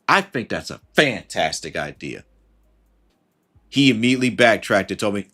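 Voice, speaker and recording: A man's voice: fairly low pitch, sing-song, normal speed, pauses often, pushed and bright. Slangy man giving casual livestream advice. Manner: conversational and slangy, greets chat viewers mid-thought.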